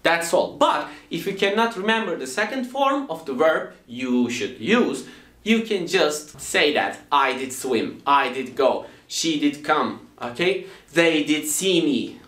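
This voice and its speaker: A man teaching an English grammar lesson in a video, talking slowly and acting out example dialogues in different voices. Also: on the high side, big pitch swings, a bit bright, echoey room.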